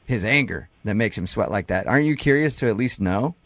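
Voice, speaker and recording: A man hosting a radio show, calmly and gently questioning a caller, with a teasing edge. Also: fairly low pitch, fairly quick, no echo. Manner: calm, gently probing, then teasing. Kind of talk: radio call segment.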